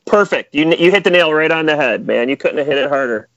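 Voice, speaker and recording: A man's voice: a little high, fast, no room sound, highs cut off. A man music producer chatting in an interview, telling stories animatedly with lots of filler words. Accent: Metro Detroit. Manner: animated storyteller, many "like" fillers. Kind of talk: casual interview chat.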